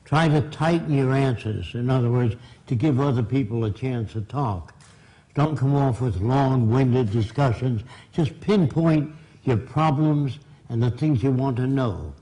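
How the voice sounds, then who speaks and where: Older man, emphatic seminar talk, blunt and plain, warm dark voice, seminar room. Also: mid-range voice, unhurried, rough recording. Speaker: seminar speaker. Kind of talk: lecture to a live audience.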